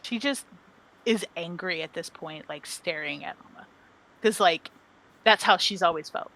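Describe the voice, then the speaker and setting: A woman player in a tabletop game, explaining her character with halting, casual speech. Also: on the low side, bright, forceful tone, poor audio.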